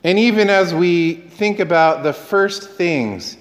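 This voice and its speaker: Male pastor, sermon, unhurried delivery, big echoing church. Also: high-pitched. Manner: conversational, quizzes the congregation, acts out quoted dialogue.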